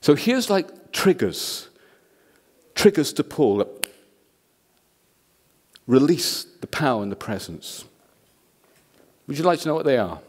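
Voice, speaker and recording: A man's voice: a little high, slow pace, pauses often. Male preacher telling stories. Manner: animated storyteller, voices the people in his stories. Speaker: guest preacher. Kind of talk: sermon with storytelling.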